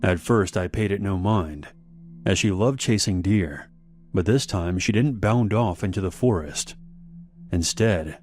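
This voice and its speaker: A man narrating an animated horror story in a measured, slow storytelling manner. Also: sits low. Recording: faint background music.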